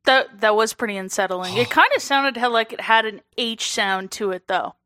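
Woman guest, fairly high voice, dry close sound, giggly, hesitant casual chat. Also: expressive, normal speed, sharp tone, no room sound. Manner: giggly, hesitant, restarts often. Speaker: podcast guest.

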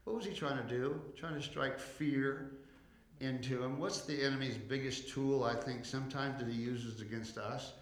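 Man preaching a sermon in an echoey church. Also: medium pitch. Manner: preaching with rising intensity, slowing for emphasis; calls for congregation response. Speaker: pastor.

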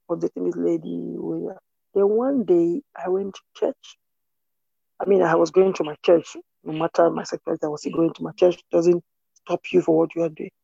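A woman from Cameroon, telling her own story in an interview in an earnest, halting way with many restarts. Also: fairly low pitch, creaky, warm tone, breathy edge, no echo, lo-fi sound. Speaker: interview guest. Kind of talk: personal testimony in conversation.

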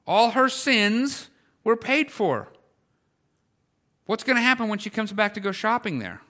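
Bright-voiced male pastor preaching. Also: high-pitched, sing-song, a little slow, pauses often. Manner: conversational preaching with rising intensity. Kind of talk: sermon.

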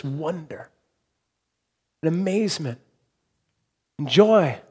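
A man's voice: on the high side, animated, unhurried, long pauses, husky. Earnest man preaching a sermon. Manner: earnest, builds to impassioned emphasis with repeated phrases; drops to quiet, soft delivery for reflective points. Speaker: pastor.

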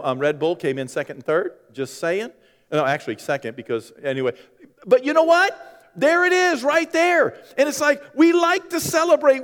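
A pastor with a high voice preaches in a large hall, keeping his sermon conversational and tossing joking asides to the congregation.

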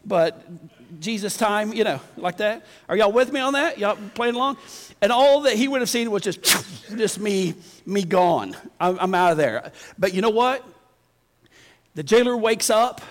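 A man preaching a folksy, animated sermon to his congregation. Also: high-pitched. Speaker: pastor. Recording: long reverb of a church hall.

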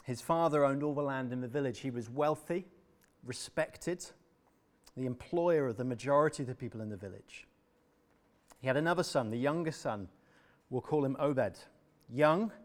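A male preacher delivering a sermon, telling a parable with dramatic, expressive narration. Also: mid-range voice, moderate pace, long pauses.

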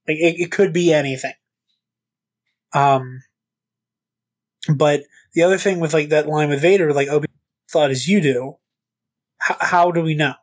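A man's voice: on the high side, unhurried, long pauses. A man hosting a podcast in casual chat, rambling and stammering, swearing now and then. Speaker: podcast host.

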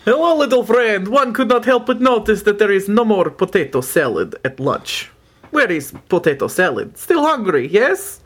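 A woman's voice: mid-range voice, sing-song, normal speed, breathy edge. A woman voicing a ravenous, shedding, furry female hero who speaks in a stiff, formal way and keeps begging for more food. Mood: pleading. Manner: stilted formal phrasing, pleading for food.

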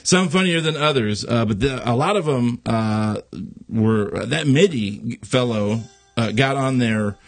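A man hosting a podcast in casual chat, reading jokes aloud, laughing often and pausing on fillers. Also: mid-range voice, no room sound. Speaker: podcast host.

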